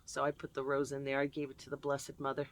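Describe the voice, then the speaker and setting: A woman chatting casually to camera as host, jokey and lively, laughing often. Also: very deep voice, fast talker. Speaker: self-help video host.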